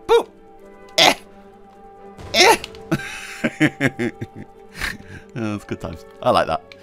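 A man commenting as he plays a video game, chatty and excitable, often squealing with delight. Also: lowish voice. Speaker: gaming video host. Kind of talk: let's play commentary.

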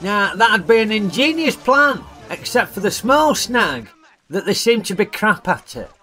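A man's voice: high voice, big pitch swings, measured pace, sharp tone, a little hiss or hum. A man reviewing a film in a chatty, jokey way, using broad dialect. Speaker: film reviewer, channel host.

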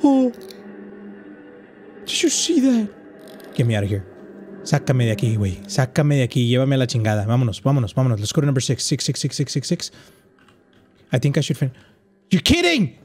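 A man's voice: medium pitch, sing-song, a little fast, pauses often, a little mellow. A man giving rambling, nervous commentary while playing a horror game, breaking into nervous laughs. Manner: jittery, rambling nervous chatter. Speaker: gamer.

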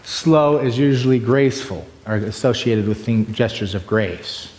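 A man giving a conference lecture on preaching, animated and demonstrative, swinging between loud bursts and hushed asides. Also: mid-range voice, unhurried. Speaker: preaching workshop speaker. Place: large hall with long reverb. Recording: echoey hall from far off.

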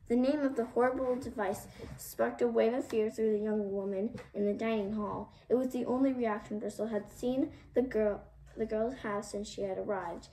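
A woman storyteller reading a novel aloud, expressive, with small slips and restarts. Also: a little high, a little hiss or hum, low-quality recording.

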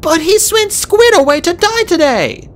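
Woman doing a high, pleading young dragoness. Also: expressive, a little slow. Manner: pleading, pushed high and urgent.

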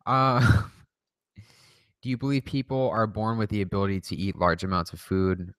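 A man with a somewhat low voice runs a casual livestream and fires off answers to viewer questions. He jokes, swears freely and rambles between answers. The sound is close and dry, with no room echo. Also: level tone, normal speed, fairly bright tone, smooth. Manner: joking, profane, rambling. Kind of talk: casual rapid-fire Q&A livestream.

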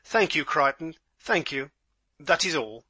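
A man's voice: fairly high pitch, lively intonation, measured pace, bright, forceful tone, no echo, full character voice. A man playing a flustered, vague elderly nobleman.

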